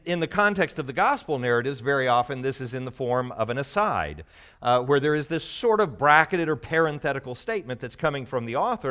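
A man's voice: medium pitch, fairly bright tone. A man giving a conversational, explanatory Bible teaching to a live group, teasing the audience now and then.

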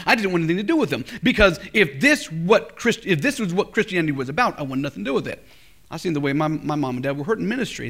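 High bright middle aged preacher guy telling his story in a sermon, goes loud then real quiet. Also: gravelly. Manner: animated storytelling preacher, swings from loud to hushed. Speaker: pastor. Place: college chapel service.

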